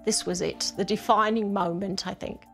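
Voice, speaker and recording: A woman's voice: medium pitch, fairly even intonation, normal speed, gravelly, fairly bright tone, faint music behind. A woman with an Australian accent, a mother, candidly describing home life in an interview. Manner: candid, exasperated storytelling. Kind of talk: interview answers.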